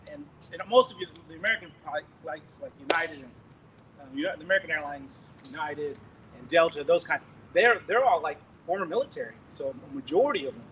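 A middle-aged male preacher telling a story in a sermon, animated and laughing, acting out scenes loudly. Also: fairly high pitch, poor audio.

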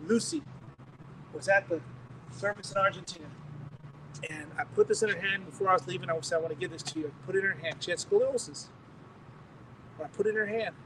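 A male preacher giving a sermon testimony as a story, acting out the voices of the people he quotes. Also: high voice. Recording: distant mic with faint noise.

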